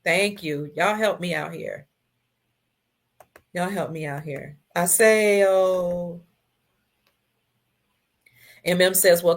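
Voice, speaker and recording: A woman hosting a casual livestream, reading viewer comments, emotional and tearful, her voice swinging between soft and loud. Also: on the low side. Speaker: livestream host.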